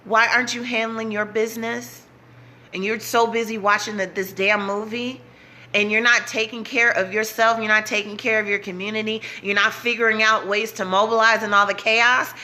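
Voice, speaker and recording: Bright, urgent woman vlogger. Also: on the high side, flat delivery, moderate pace, slight background noise. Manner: urgent, repetitive, preaching to her audience. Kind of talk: impassioned direct-to-camera talk.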